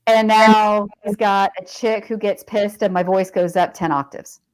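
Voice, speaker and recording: A middle-aged woman talks as a podcast guest in an easy, conversational way. Her voice sits at an ordinary middle pitch. She tells personal stories freely, drifting into asides and fillers as she goes. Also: steady tone, unhurried, clear, resonant tone, poor audio. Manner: chatty and digressive, with frequent fillers and laughs. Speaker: podcast guest, veteran and author. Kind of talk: casual conversational storytelling.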